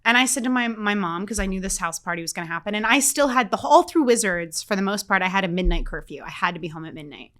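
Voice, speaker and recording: A woman in her thirties, a podcast co-host, telling a story in casual chat, animated and self-mocking, swearing freely. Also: mid-range voice, fast talker, few pauses.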